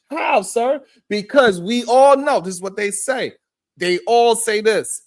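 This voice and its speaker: A man's voice: extremely high pitch, unhurried. A man hosting a live-stream show, giving preachy commentary with frequent swearing and talking directly to his viewers. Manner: animated, preachy, swears often, talks to viewers. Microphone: streaming setup.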